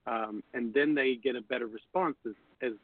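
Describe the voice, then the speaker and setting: A man's voice: medium pitch, moderate pace, breathy edge, no echo. A man on a call-in panel, explaining things in a thoughtful way and often repeating words as he starts. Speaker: panelist on call-in spiritual show. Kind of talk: casual panel discussion. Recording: phone-like narrow audio, dry.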